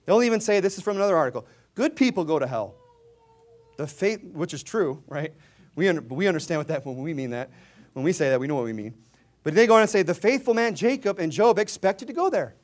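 A man preaching a sermon, swinging between low asides and loud, emphatic readings of scripture, mocking the views he argues against. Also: animated, brisk. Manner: mocking, mimics opponents' views.

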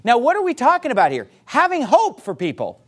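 A man preaching a sermon in a high voice that swings widely up and down. He drives his points hard and fires rhetorical questions at the congregation. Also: wildly swooping pitch, brisk. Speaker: pastor.

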